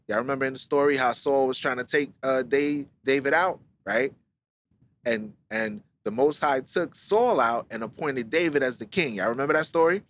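A man's voice: mid-range voice, slight background noise. Man teaching scripture on a livestream. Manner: reads scripture slowly, then explains in lively slang. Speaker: Bible teacher. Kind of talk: live-streamed Bible study.

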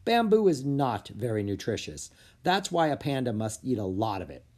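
A reader voicing a calm, patient male panda keeper who explains things politely. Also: mid-range voice, normal speed. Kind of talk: storybook read-aloud.

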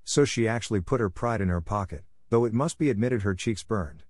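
Male audiobook narrator for a classic novel, low voice, dry close sound. Steady storytelling. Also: brisk, dry recording.

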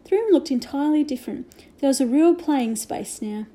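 A woman reading a children's novel aloud with gentle storytelling and hushed asides. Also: sits high, expressive, brisk. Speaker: reader.

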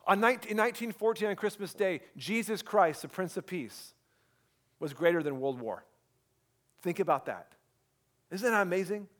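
A man in his thirties preaching a sermon as pastor, earnest and dropping to a hushed voice for emphasis. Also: high-pitched, animated, normal speed, long pauses.

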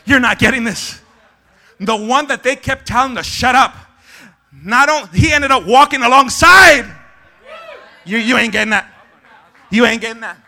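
Male pastor preaching a fiery church sermon, pitched very high with a piercing, forceful tone. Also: animated, moderate pace, pauses often. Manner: impassioned preacher, shouts to the congregation for response. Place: church service.

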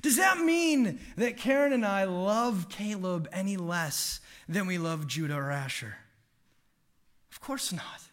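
Guy in his 30s preaching a devotional, high bright voice, earnest storytelling, gets animated. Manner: earnest, storytelling, animated asides with quick restarts. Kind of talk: devotional talk with a family story.

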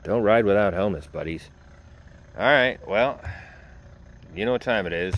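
A podcast host with a fairly low male voice tells a personal story at a moderate pace, rambling informally, swearing, and speaking straight to his listeners. The sound is lo-fi.

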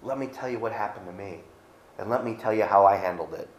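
Low-voiced pastor preaching in a roomy church. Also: male voice, fast talker. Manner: conversational preaching with restarts, reading scripture aloud. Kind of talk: sermon.

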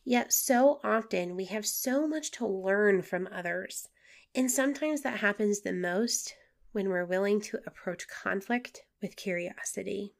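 A woman's voice: mid-range voice, unhurried, vocal fry. A woman hosting a faith-based podcast, talking in a friendly, earnest way, her voice nasal from a cold. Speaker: podcast host.

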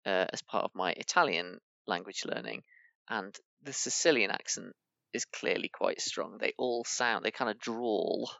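A low-pitched man with a gravelly, fry-heavy voice muses hesitantly in a casual chat. His mic sounds muffled, lo-fi and completely dry. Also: expressive, moderate pace, sharp tone, dry recording. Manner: musing, hesitant, many fillers. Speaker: podcast panelist.

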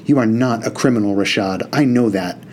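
A man's voice: fairly low pitch, brisk, a little mellow, a little hiss or hum, natural voice. A man voicing a middle-aged mother, tearful and pleading as she defends her son. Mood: tearful, fierce.

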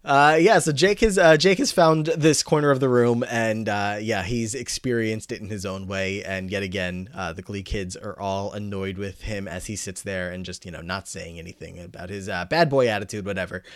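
A man's voice: on the low side, moderate pace, few pauses, no echo. A man co-hosting a podcast, recapping a TV episode in a rambling, filler-heavy way. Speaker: podcast co-host.

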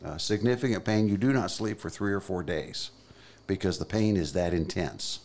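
A man's voice: deep voice, moderate pace, darkish tone. A man co-hosting a casual studio podcast, joking around and reading out odd facts. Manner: playful, joking, reads out facts. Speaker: co-host.

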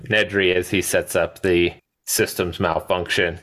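A man's voice: low-pitched, level tone, measured pace, few pauses, a bit bright. A man co-hosting a podcast, casually chatting about a movie, quoting lines and laughing often. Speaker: podcast co-host.

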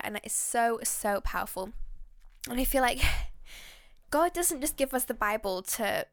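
Excitable woman with a high voice. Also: measured pace, no echo, clean studio sound. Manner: excitable and heartfelt, rambling. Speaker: podcast host. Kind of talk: faith podcast monologue.

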